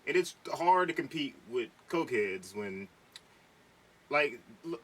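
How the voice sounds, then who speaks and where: A man's voice: medium pitch, very animated, a little slow, a bit bright, far from the mic, rough recording. A young adult man co-hosting a casual podcast chat, talking at length and restarting his sentences as he argues a point. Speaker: podcast co-host.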